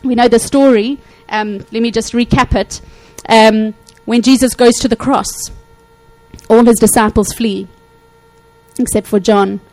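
Animated woman preaching a sermon. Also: a little high, unhurried, rough recording. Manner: animated, acts out quotes, frequent "okay?" check-ins.

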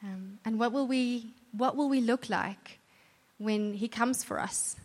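Speaking slowly in a voice on the high side, a woman gives a heartfelt, conversational church talk, repeatedly starting sentences over to correct herself. The room adds a long hall reverb.

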